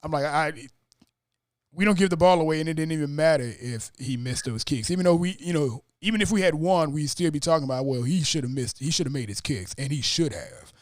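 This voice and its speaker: A man hosting a casual sports podcast, talking fast and acting out his own stunned reactions. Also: fairly high pitch, animated, no echo, clean studio sound. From Atlanta area. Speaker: podcast host.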